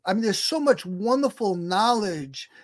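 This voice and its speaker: A man's voice: high-pitched, expressive. A man being interviewed on a radio show about his self-help venture, talking casually with frequent restarts and short laughs. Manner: halting, many restarts, laughs often. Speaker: guest, self-help software founder.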